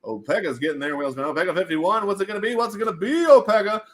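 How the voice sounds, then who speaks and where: A man hosting a casual livestream at home, running prize wheel spins in a goofy, animated way and slipping into silly voices. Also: high-pitched, rapid-fire. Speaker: livestream host running giveaways.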